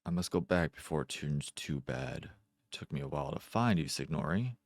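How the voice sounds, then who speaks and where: A man voicing a pale, polite old messenger with an Italian accent, speaking softly in a short story narration. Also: rumbling low, expressive, normal speed, vocal fry, no echo, clean studio sound, exaggerated voice. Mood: courteous.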